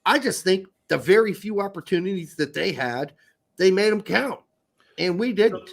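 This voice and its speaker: A man co-hosting a podcast, chatting casually about a soccer match, animated and swearing freely. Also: sits high, normal speed, gravelly. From Netherlands. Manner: animated, swears, acts out quotes. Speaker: podcast co-host. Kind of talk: casual sports chat.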